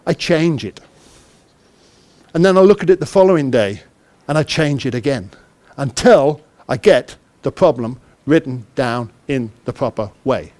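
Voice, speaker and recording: A man's voice: medium pitch, expressive, measured pace, a little mellow. A man, a project manager, giving an interactive workshop talk who quizzes the audience and acts out little dialogues. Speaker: conference speaker, project manager.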